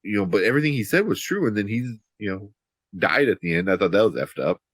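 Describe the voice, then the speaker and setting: A man's voice: lowish voice, expressive, fast, a bit bright, husky, no room sound. A man co-hosting a casual movie review chat, rambling with lots of fillers and retelling scenes in quoted dialogue. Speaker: podcast co-host.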